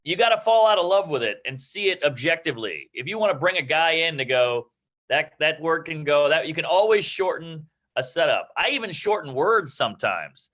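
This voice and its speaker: A man with a bright, forceful voice that sits a little high for a man. He talks brash and quick, swearing freely and mocking himself as he gives stand-up advice to a class. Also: sing-song. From New York. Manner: brash, rapid, profane and self-mocking. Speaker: guest comedian. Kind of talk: casual advice in an online comedy class.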